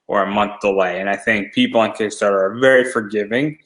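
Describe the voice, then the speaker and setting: A man's voice: lowish voice, fairly even intonation, quick pace, a bit bright, poor audio. A man hosting a casual interview, talking in a rambling, hesitant way with many restarts. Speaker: podcast host.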